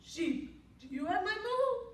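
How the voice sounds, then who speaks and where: A woman voicing a gentle female cow who asks each animal, slowly and hopefully, whether it has her moo. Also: very high-pitched, sing-song, echoey room, recorded from a distance, slight background noise, pitched above the performer's own voice, heavily acted. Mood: pleading. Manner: pleading, drawn-out questions.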